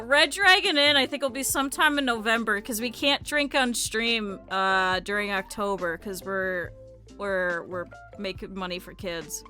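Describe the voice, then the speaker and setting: A woman's voice: on the high side, bright, forceful tone. A woman streamer chatting casually with her viewers, swearing a lot and laughing often. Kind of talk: casual live-stream chat. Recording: faint music behind. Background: faint background music.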